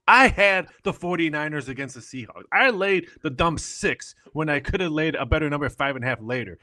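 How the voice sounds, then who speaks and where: A man on a sports talk show telling a story in an exasperated, animated way. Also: medium pitch, a little fast, hardly any pauses, no room sound. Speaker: show panelist.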